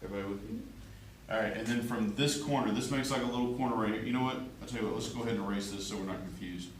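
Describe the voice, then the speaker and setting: A man's voice: on the low side, racing, crowd noise. A male art teacher, chatty and joking as he demonstrates a drawing and checks in with his class. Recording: echoey classroom from far off, faint room noise.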